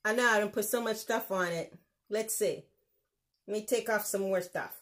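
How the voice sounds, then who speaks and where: An American woman with a medium-pitched, slightly bright voice speaks at a moderate pace. She's hosting a casual home cooking demo, chatty and exuberant, laughing often as she walks through each step.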